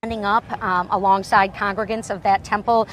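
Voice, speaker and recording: A woman's voice: mid-range voice, little pitch movement, normal speed, slight background noise, low-quality recording. A woman politician with a Michigan twang, answering an interviewer's questions with evasive, earnest talking points.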